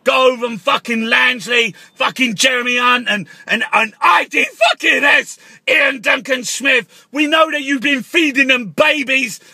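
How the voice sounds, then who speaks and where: A man, a taxi driver and artist, shouting and swearing through a comic paranoid rant on the phone. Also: very high-pitched, a little slow, vocal fry, breathy edge, no echo, studio quality. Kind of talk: comic ranting phone call.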